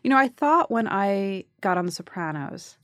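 A woman in her forties tells a story in a relaxed chat. She acts out every quote with lots of energy. Her voice sits in a middle pitch, and the recording is close and dry. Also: normal speed, no echo. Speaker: guest actress. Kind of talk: casual chat.

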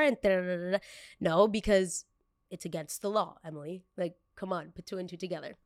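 A woman's voice: fairly quick, no echo, clean studio sound. A young woman hosting a podcast, telling a story casually and acting out the argument in it with big jumps in her voice. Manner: animated, acts out quoted arguments with big pitch jumps. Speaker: podcast host.

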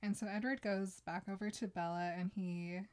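A woman with an average-pitched voice retells a book scene in casual chat. She talks in an animated way, with fillers and laughs woven through the story. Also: normal speed. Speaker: podcast co-host.

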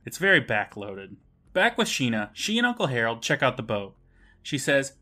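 A man's voice: mid-range voice, big pitch swings, normal speed, bright, forceful tone. A man co-hosting a podcast, retelling a TV episode's plot in casual chat with wry, joking asides. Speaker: podcast co-host.

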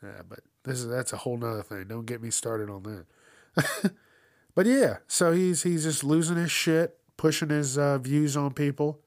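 A man's voice: mid-range voice, moderate pace, no room sound, clean studio sound. A man hosting a casual news commentary show, swearing often and ranting with frequent laughs. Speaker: host.

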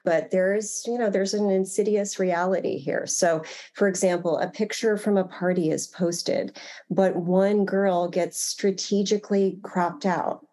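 A woman researcher being interviewed, explaining her findings in a measured, thoughtful way with frequent fillers. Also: medium pitch, steady tone, warm tone. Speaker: researcher guest.

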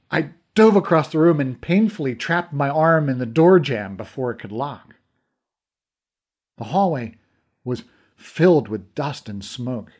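A man narrating a story in first person, expressive and dramatic. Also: mid-range voice. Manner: expressive, voices characters. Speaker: audiobook narrator.

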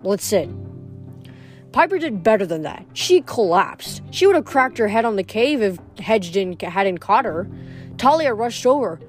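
A woman reading chapters of a novel aloud in a steady storytelling narration. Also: mid-range voice, moderate pace, soft background music. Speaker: reader.

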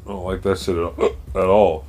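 A man co-hosting a podcast, telling crude jokes and animated stories in casual chat. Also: low-pitched, moderate pace, faint music behind. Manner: crude, joking, animated storyteller. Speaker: podcast co-host.

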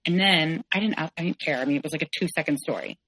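A woman, a podcast guest, telling a personal story frankly, halting and correcting herself with many fillers. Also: sits low, a bit bright, husky, low-quality recording.

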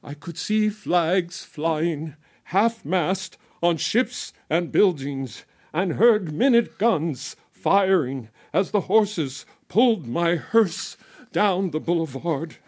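A man playing the ghost of a merchant who died at thirty-eight, delivering a solemn, measured, proud monologue in dramatic storytelling style. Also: fairly high pitch, expressive, a little mellow, voice pushed up. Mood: solemn, wistful.

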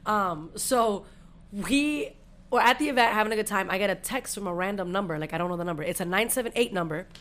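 A young adult woman with a medium-pitched voice talks fast while hosting a podcast, telling a story in an animated, casual chat laced with swearing. A slight hiss or hum sits under the recording.

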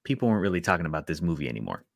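A man co-hosting a podcast, reviewing a film in casual chat and acting out scenes in quick quoted voices. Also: sits low, sing-song, creaky, no echo, clean studio sound. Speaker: podcast co-host.

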